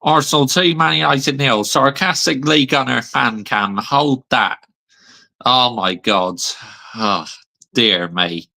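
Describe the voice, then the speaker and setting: A man's voice: medium pitch, slow pace, creaky, pushed and bright. A man in his thirties ranting on a fan vlog, heated and sweary, still seething after a defeat. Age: 30s. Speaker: football fan vlogger.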